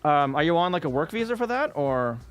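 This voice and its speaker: A man chats casually on a livestream and rants with plenty of swearing. His voice sits a little high and swings widely in pitch as he tells his story. Faint music plays underneath. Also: very animated, fast, clean tone. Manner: profane, ranting, exasperated storytelling. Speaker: streamer. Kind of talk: casual chat with chat while working.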